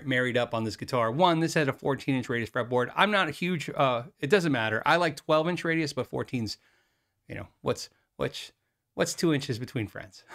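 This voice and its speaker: A man's voice: medium pitch, a bit bright. A middle-aged man, a former music store owner, talking casually to his viewers in a rambling way, laughing often and restarting his sentences. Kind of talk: casual chat to camera.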